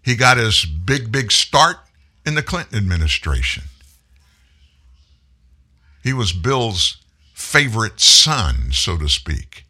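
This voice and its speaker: A man's voice: fairly low pitch, very animated, slow pace, pauses often, bright, forceful tone, slightly rough. A man hosting a talk show, delivering a folksy, emphatic political commentary monologue. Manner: folksy, emphatic, preachy, addresses listeners as folks.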